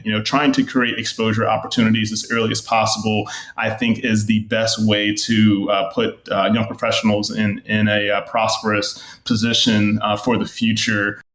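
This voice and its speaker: A man's voice: lowish voice, fairly bright tone. A young man sincerely describing mentoring in an interview, with frequent fillers. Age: young adult. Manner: sincere, uses many fillers. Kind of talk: interview answer. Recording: roomy echo.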